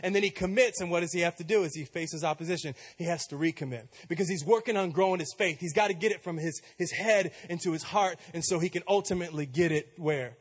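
A man's voice: sits high, quick pace, few pauses, slightly rough. A man preaching a sermon as pastor, emphatic and repetitive with many restarts.

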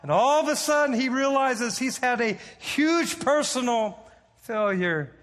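A male pastor preaching a sermon, telling the story in an animated way and repeating words as he goes. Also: very high voice, measured pace, big-room sound.

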